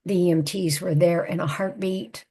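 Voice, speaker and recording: An older woman, a psychotherapist and author, telling a personal family story in a measured, reflective way. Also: lowish voice, steady tone, mellow, slightly rough.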